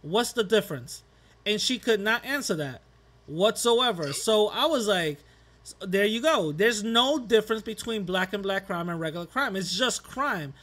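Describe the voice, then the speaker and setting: A man's voice: high voice, lively intonation, normal speed, a bit bright. A man hosting a podcast, talking earnestly in a casual interview conversation, rambling a little. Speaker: podcast host.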